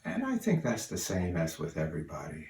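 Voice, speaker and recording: Brief: older man, deep low voice, folksy rambling remembrance, distant mic in an echoey room. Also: huge pitch swings, darkish tone. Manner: unhurried, folksy, many fillers. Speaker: relative sharing memories. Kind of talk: spoken remembrance. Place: room at home. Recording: roomy, distant mic, faint hiss.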